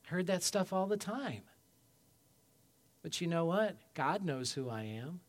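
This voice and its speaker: A man preaching a sermon from the pulpit, his voice sitting a little high for a man. He takes his time, letting each phrase land slowly. His delivery is emphatic, climbing to loud peaks and then sinking low as he calls out for amens. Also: very animated. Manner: asks the congregation for amens. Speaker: pastor.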